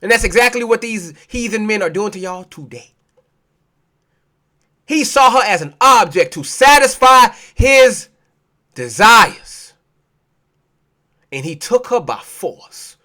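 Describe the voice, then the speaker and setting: High-pitched fiery male preacher. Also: lively intonation, takes it slowly, long pauses, sharp tone. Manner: preachy, profane, calls out listeners as family. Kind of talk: fiery street sermon.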